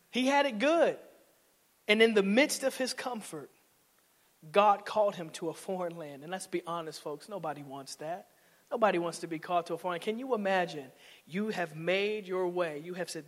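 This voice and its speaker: Preacher, male, high voice, playful then loud, reverberant sanctuary. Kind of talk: sermon. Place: church sanctuary.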